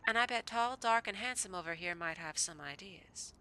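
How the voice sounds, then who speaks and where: A woman's voice: medium pitch, moderate pace, pushed and bright, a little hiss or hum, lightly acted. A woman doing a flirty, taunting vampire woman. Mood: teasing. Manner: teasing drawl, at times Southern.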